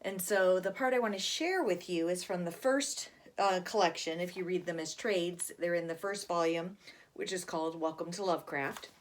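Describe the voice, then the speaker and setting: A woman's voice: on the low side, normal speed. A woman casually talking about a favorite horror graphic novel, chatty, with plenty of fillers. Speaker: book reviewer. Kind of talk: casual book talk with read-aloud.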